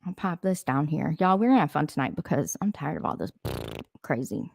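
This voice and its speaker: A woman with a slightly low voice hosts a relaxed live stream and chats loosely with her viewers. She reads out their comments, wanders into asides and laughs often. The recording is dry, with almost no room sound. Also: fairly quick, gravelly, husky, no room sound. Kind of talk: casual live-stream chat.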